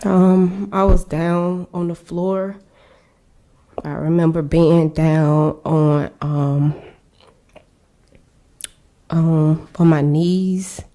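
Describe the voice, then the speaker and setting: A woman with a low, dark voice tells her own story slowly, pausing often as she searches for words. Her delivery stays flat and subdued throughout, a recorded interview of personal testimony. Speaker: survivor interviewed.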